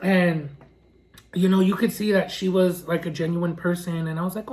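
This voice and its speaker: A man's voice: sits high, moderate pace, a little mellow. A man and food vlogger telling an indignant story, full of fillers and acting out the dialogue in shifting voices. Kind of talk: story time.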